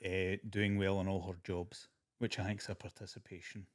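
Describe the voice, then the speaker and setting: A man's voice: deep voice, level tone, moderate pace. A comedian in his thirties, a podcast guest trading blunt, dry anecdotes in casual comedic chat.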